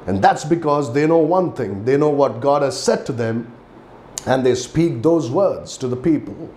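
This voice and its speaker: A pastor with an Indian English accent and a medium-pitched, darkish voice preaches a sermon emphatically. His intensity rises as he reads scripture aloud. There's a slight hiss or hum in the background.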